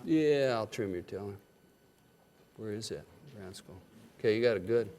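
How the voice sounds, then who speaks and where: Teaching knot tying live in a lecture hall, this surgeon speaks in a lowish, somewhat mellow, expressive voice at a normal pace. He coaches step by step, joking in a folksy style and often checking in with "okay?" There's long hall reverb plus a little hiss or hum.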